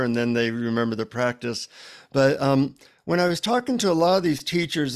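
A middle-aged man, an author, telling a story in an animated conversational way and acting out the dialogue. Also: medium pitch. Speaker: author guest.

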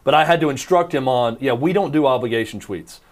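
A radio talk show host in his thirties banters casually, telling rambling, self-deprecating stories and insisting emphatically. His voice is medium-pitched and brisk.

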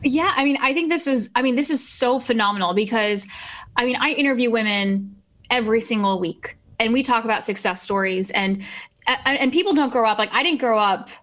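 An American woman hosts a casual interview in a slightly high, bright voice, talking fairly quickly. She is effusive and emphatic, often restarting her sentences.

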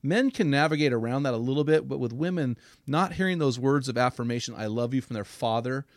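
Choked up, the middle-aged men's podcast host talks in an earnest, heartfelt, preacherly way. He speaks fast in a mid-range voice, and the studio-quality recording has no room sound.

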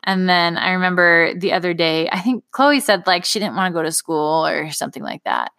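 On a parenting podcast, a mother and co-host chats casually about her kids, laughing between remarks. Her lowish voice is sing-song, fairly bright, and a little fast. The studio recording is clean with no echo.

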